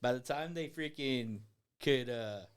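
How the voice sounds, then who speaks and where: A man's voice: medium pitch, unhurried, smooth. Laid-back man telling rowdy stories. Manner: rambling, profane, laughs through stories. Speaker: podcast co-host. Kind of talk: casual storytelling chat.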